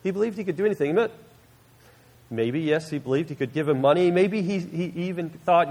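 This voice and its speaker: A man's voice: a little high, animated, fairly quick, a little mellow. A man preaching a sermon, retelling a Bible story earnestly and acting out its scenes. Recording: long reverb of a large hall.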